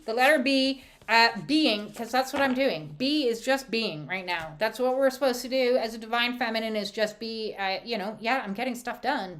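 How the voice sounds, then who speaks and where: A woman's voice: fairly high pitch, moderate pace, hardly any pauses, a bit bright. A woman doing an oracle reading, talking in a casual, irreverent spiritual monologue with wry humor and plenty of fillers. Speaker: oracle reader.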